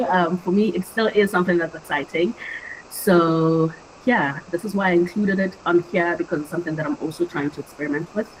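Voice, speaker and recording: A woman's voice: lowish voice, slight background noise, rough recording. A young adult woman from Africa presenting an online poetry workshop in an earnest, conversational way with frequent fillers.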